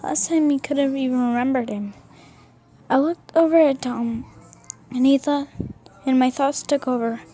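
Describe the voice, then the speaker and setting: A woman's voice: sits high, normal speed, warm tone. A young woman casually reading a fan fiction story aloud, often stumbling and rereading words.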